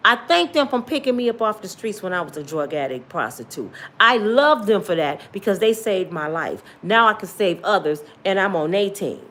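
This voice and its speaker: A woman's voice: medium pitch, sing-song, moderate pace, few pauses, a bit bright. A middle-aged woman giving an impassioned, preaching-style testimony with repeated calls to her listeners. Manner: fervent, repetitive, call-and-response preaching. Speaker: motivational testimony speaker.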